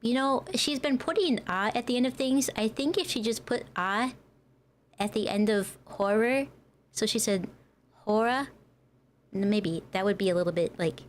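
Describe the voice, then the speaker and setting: A woman's voice: a little high, moderate pace, slight background noise. An American woman who streams as a VTuber, chatting casually with her viewers and laughing often. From United States. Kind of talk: casual livestream chat.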